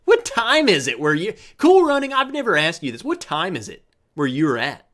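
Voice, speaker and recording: A man's voice: fairly high pitch, very animated, normal speed, bright, forceful tone. A man hosting a live stream, chatting casually and joking as he greets viewers by name. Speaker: livestream host. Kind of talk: casual live chat reading viewer comments.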